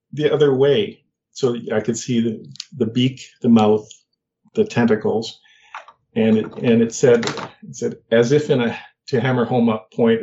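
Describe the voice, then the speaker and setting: An older man telling a personal story in a halting way, with many fillers and restarts. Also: medium pitch, creaky, mellow, highs cut off, slight background noise. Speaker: guest.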